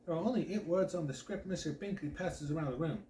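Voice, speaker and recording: A man hosting a channel, reading a children's novel aloud in an expressive storytelling voice. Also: a little high, fast. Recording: echoey room, mic at a distance, faint background hiss.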